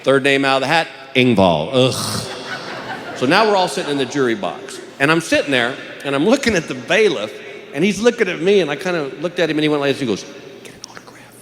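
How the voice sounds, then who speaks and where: A man's voice: on the high side, expressive, fast talker, a bit bright. A man performing a stand-up comedy routine, telling a story and acting out the people in it. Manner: storytelling, acting out courtroom characters. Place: large theater stage. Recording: live show, long hall reverb, audience noise. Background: audience laughter.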